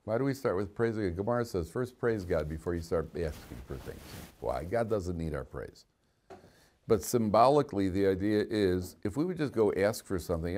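Man with a low voice, rabbi giving a class lecture, animated with jokes. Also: moderate pace. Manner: animated, joking asides, reads Hebrew text then translates. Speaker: rabbi teaching weekly Torah portion. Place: study hall classroom.

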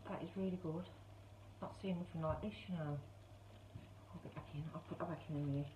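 A woman's voice: low voice, fairly even intonation, brisk, warm tone. A woman chatting casually as she unboxes a parcel on her craft channel, gushing and exclaiming often. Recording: tinny, echoey, noisy room sound.

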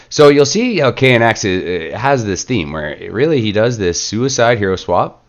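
A man hosting a gaming channel, relaxed and chatty in casual play-by-play commentary, sick and stuffed up. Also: medium pitch, measured pace, dull audio. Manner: relaxed, chatty, lots of filler words.

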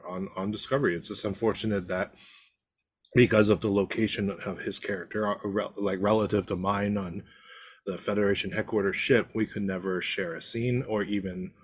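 A man's voice: low voice, husky. A young man from Canada co-hosting a podcast, chatting casually and sometimes eating while he talks. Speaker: podcast co-host. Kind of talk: casual chat.

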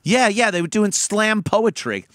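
High, bright-voiced profane radio host. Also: male voice, measured pace, no room sound, studio quality. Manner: profane, animated, mocking. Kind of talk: casual call-in talk.

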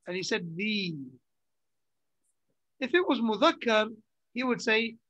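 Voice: mid-range voice, big pitch swings, takes it slowly, fairly bright tone, no room sound, dull audio. A teacher giving a classroom Arabic grammar lesson in English. The teacher repeats key terms and checks understanding with short questions.

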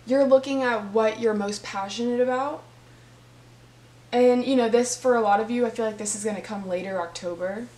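A woman's voice: a little high, steady tone, normal speed, a little mellow. A woman reading tarot cards for her viewers, talking to them directly in a heartfelt, earnest way. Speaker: tarot reader. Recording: echoey room with faint hum.

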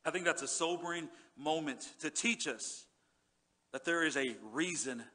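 Man preaching, high voice, bright tone, earnest, repeats words, drops soft on scripture. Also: moderate pace. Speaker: pastor. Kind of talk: sermon. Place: church sanctuary.

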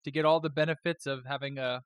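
A man's voice: mid-range voice, fairly even intonation, quick pace, clear, resonant tone, no room sound. A man hosting a live stream, chatting casually in a rambling, joking way with some swearing.

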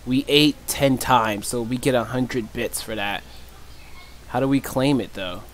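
A young man narrates his game in an unhurried drawl, trading playful trash talk with the other players. He laughs often and stays easygoing between moments of mock panic. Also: a bit bright, a little hiss or hum. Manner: laughs often, shrieks high when chased; joking, teasing trash talk. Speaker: gaming YouTuber. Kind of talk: gameplay commentary.

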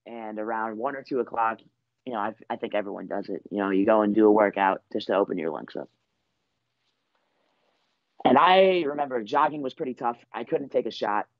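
A man's voice: lowish voice, dry recording, highs cut off. A man in his twenties, a college wrestler, telling a story in a loose, rambling way full of "you know" and "like". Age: 20s. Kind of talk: casual storytelling.

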